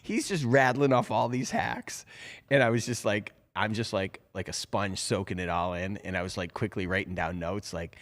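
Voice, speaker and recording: A man's voice: on the low side, normal speed. Chatty middle-aged man hosting live. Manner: rambling, chatty, many fillers. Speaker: live show host. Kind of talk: casual live-stream talk.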